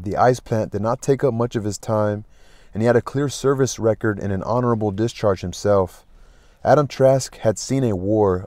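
A man reading a classic novel aloud as an audiobook, in a steady, unhurried way. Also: fairly low pitch, no echo, studio quality. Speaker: audiobook narrator.

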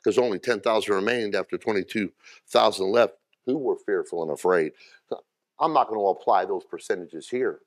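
A male pastor preaching a folksy sermon with cowboy talk. He moves from low, quiet lines to loud shouting. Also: moderate pace.

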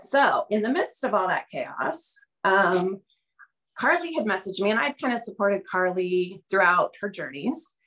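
A woman's voice: mid-range voice, very animated, unhurried, fairly bright tone. A middle-aged woman on a video call, telling her personal story candidly and a little nervously, with fillers and small laughs. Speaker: guest sharing her story. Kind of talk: casual video call testimonial.

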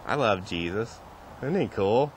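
A man's voice: on the low side, lively intonation, unhurried, slight background noise. Man preaching a casual, conversational sermon. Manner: casual, conversational retelling of scripture. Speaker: pastor. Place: church.

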